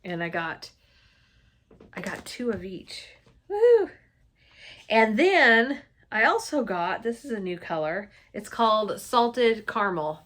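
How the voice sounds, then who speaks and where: A woman's voice: medium pitch, lively intonation, a little slow, a bit bright. Chatty woman showing off cross-stitch supplies. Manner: chatty and enthusiastic, gushing over colors. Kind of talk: casual show-and-tell chat.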